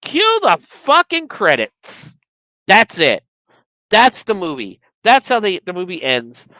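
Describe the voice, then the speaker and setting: Profane, lively podcast host ranting. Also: medium pitch, slow, no room sound. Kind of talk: casual movie recap.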